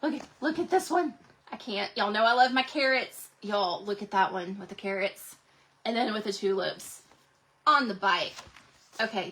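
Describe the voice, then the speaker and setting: A woman's voice: medium pitch, pushed and bright. A woman hosting a casual craft livestream, gushing and chatty as she talks to viewers in the chat.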